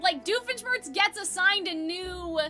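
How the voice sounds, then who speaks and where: A young woman hosting a casual livestream discussion, animated and giggly, rambling with lots of fillers. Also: very high voice, unhurried, soft background music. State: sore throat. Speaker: streamer host.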